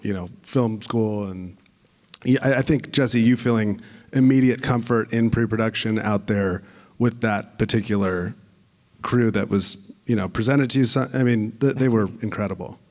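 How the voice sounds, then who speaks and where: Man, lowish voice, hesitant producer on a panel, hall echo. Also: normal speed, darkish tone. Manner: hesitant, stumbling starts. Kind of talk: panel discussion. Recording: hall reverb on stage.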